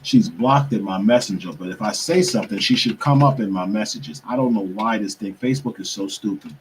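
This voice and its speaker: A young podcast host talks casually to viewers while wrestling with his computer, muttering and swearing to himself in frustration. His voice is fairly low and a little fast. The low-quality recording carries a little hiss or hum.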